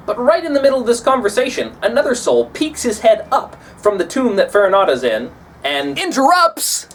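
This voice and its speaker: A man teaching a literature lesson in an animated, playful lecturing manner. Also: very high voice, normal speed. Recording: distant mic, faint background noise.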